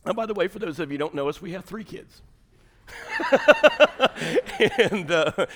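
A middle-aged male pastor with a fairly high voice tells a funny family story from the pulpit, chuckling as he goes. His voice rings out in a church with a long, hanging reverb. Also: normal speed. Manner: humorous, chatty, laughs often. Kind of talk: storytelling sermon. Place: church sanctuary.

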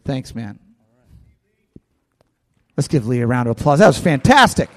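A man preaching a sermon, lively and repetitive, acting out a scripture scene with a volunteer. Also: mid-range voice, moderate pace. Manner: animated, repeats words, acts out scripture with a volunteer. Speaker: pastor. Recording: long hall reverb.

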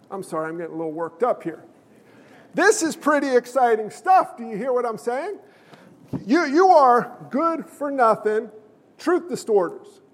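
Male pastor, very high voice, emphatic sermon, questions the congregation, long echoing hall. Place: church sanctuary.

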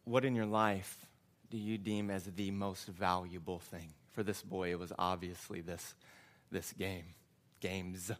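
A man's voice: low-pitched, little pitch movement, measured pace. A man preaching a sermon, telling a story in an earnest, reflective way and often repeating his words.

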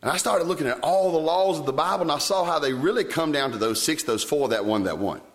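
A man, preaching a sermon as a pastor, telling personal stories with sudden leaps up in pitch when he quotes himself. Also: lively intonation, fast. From Virginia, US.

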